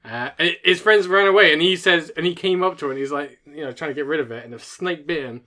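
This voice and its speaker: A man's voice: a little high, fast talker, bright, forceful tone. A man co-hosting a podcast, telling news stories in casual chat, swearing often and laughing through them. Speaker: podcast co-host.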